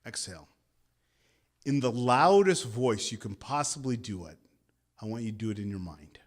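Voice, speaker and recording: A man's voice: medium pitch, animated, moderate pace. A man in his thirties, a meditation teacher giving a guided meditation talk and leading a group in call-and-response chanting at an interfaith gathering.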